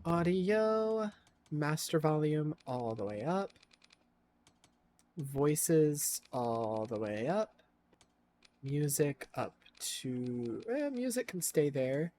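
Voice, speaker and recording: A man's voice: a little high, animated, slow pace, slight background noise. Chatty male game streamer. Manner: reads on-screen text aloud, chatty, blurts loud surprised outbursts. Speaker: livestreamer playing a game. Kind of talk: casual game streaming commentary.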